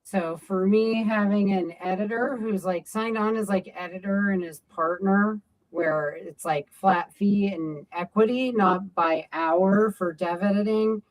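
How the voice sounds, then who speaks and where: A woman's voice: mid-range voice, measured pace, few pauses, rough recording. A woman being interviewed as a game designer, talking casually with many fillers and restarts.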